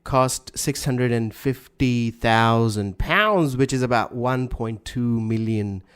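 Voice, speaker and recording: A man co-hosting a casual podcast chat, rambling and halting with frequent restarts. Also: medium pitch, a bit bright, clean tone. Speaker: podcast co-host.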